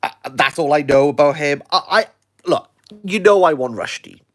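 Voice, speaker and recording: A man's voice: fairly high pitch, normal speed, no echo, studio quality. A Welsh man reviewing books in a rambling, jokey, playfully sarcastic livestream chat into his phone. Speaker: book reviewer.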